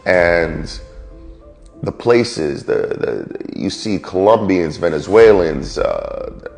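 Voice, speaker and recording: A man in his forties from New York, a military veteran, speaking candidly and reflectively about his life, often pausing and restarting. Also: low-pitched, animated, creaky, darkish tone, faint music behind. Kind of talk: personal testimony.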